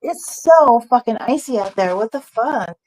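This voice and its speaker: Excitable young woman swearing on the go. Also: fairly high pitch, measured pace, slight background noise, rough recording. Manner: excitable, swears and laughs often. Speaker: vlogger. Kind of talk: casual vlog while walking on ice.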